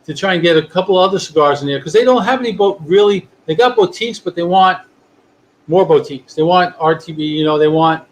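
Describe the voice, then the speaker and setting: A man hosts a relaxed conversation and rambles freely from one topic to the next. His voice sits a little high for a man. A faint hiss of noise runs under the recording. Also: brisk, low-quality recording. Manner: rambling, jumps between topics. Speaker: podcast host. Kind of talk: casual chat.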